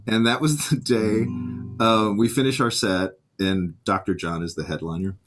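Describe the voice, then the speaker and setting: Speaking at a moderate pace with a fairly low pitch, this middle-aged man, a guitarist who also teaches music, shares lively stories in a relaxed interview. He mimics the voices of the people he quotes.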